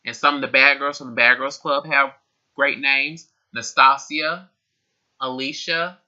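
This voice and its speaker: A man's voice: medium pitch, steady tone, a little slow, sharp tone. Chatty young man on a dull mic. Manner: chatty, laughs often, repeats himself. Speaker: vlogger. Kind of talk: casual Q&A tag video. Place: his room.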